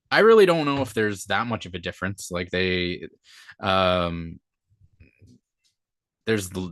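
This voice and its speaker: Deep-voiced dude on a stream, kinda halting and rambly, dry close sound. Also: male voice, fairly bright tone, dry recording. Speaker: guest. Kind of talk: casual chat.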